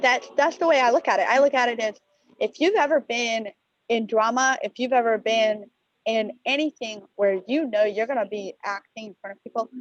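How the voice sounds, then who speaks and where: A woman's voice: a little high, normal speed, no room sound. A woman in a training class who thinks aloud as she shares her view, often repeating herself and restarting. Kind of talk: class discussion. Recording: dry, dull lo-fi call audio.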